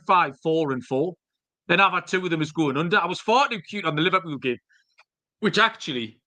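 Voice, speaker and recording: A man's voice: a little high, pushed and bright. A man co-hosting a podcast, telling jokey, rambling stories with the odd swear word. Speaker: podcast co-host. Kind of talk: casual chat.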